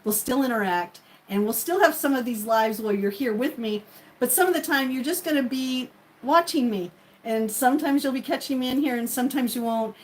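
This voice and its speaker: A woman's voice: medium pitch, low-quality recording. A woman hosting a livestream in casual chat, rambling and chatty with many fillers. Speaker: livestream host.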